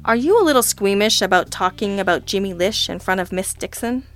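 A woman's voice: mid-range voice, lively intonation, a little fast, a bit bright, soft background music, close to an everyday voice. A woman voicing a weary, dry-witted male private detective in an audiobook reading, staying close to her own voice. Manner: dry, terse, sighing.

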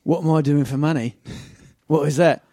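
A man's voice: a little high, normal speed, mellow, dry recording, studio quality, natural voice. A man playing a crude, nosy neighbor, blustery and defensive. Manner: blustery, defensive, says "mate" and "eh". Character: pushy Aussie-ish neighbor bloke named Tony, crude and nosy.

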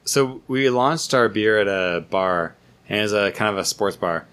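A man, a brewer talking as a guest in a casual podcast chat, telling animated stories and laughing often. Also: on the low side, a little slow, smooth. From United States.

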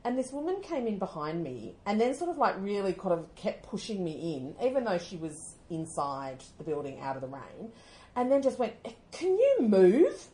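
Animated Australian woman telling stories. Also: on the low side, normal speed. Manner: animated storytelling, often laughing mid-sentence. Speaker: podcast co-host. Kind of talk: casual podcast chat.

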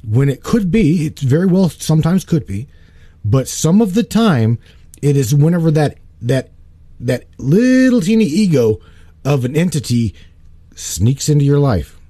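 A man talks in a loose, storytelling way, restarting and repeating words as he gets worked up, and throws himself into the quoted lines. His voice is dark and mellow, and the recording is dry and close, with no room sound. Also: on the high side, unhurried, husky, no room sound. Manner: animated, repeats words, acts out quoted dialogue. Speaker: guest telling of spiritual work. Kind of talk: casual storytelling chat.

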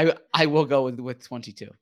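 A man's voice: mid-range voice, fairly even intonation, a little fast. Hesitant, stammering man in casual chat. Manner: hesitant, stammering, restarts often.

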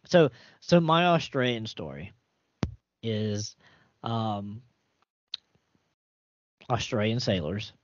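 A man's voice: on the low side, sing-song, slow, long pauses, dry recording. A man hosting a podcast in casual chat, rambling and restarting as he tells stories, with some cursing. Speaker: podcast host. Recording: dull, lo-fi, dry podcast audio.

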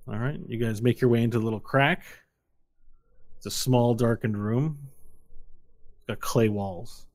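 A man's voice: medium pitch, measured pace, darkish tone. A man narrating as game master, describing scenes loosely with frequent filler phrases.

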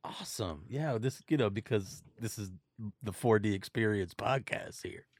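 A man's voice: fairly low pitch, moderate pace, dry recording, clean studio sound. A man hosting a podcast, chatting casually with guests, joking and swearing freely. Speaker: podcast host. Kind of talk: casual chat.

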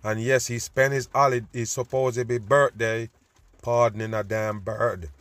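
A man giving a loud, preachy, profane rant over news clips, repeatedly addressing his listeners as people. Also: mid-range voice, fairly even intonation, measured pace, no echo. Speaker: host.

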